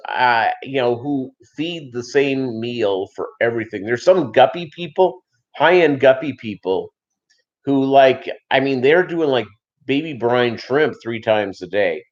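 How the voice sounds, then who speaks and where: A man's voice: medium pitch, lively intonation, unhurried. A man hosting a fish-keeping channel, chatting casually and rambling with many fillers on a live stream. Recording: dull lo-fi sound.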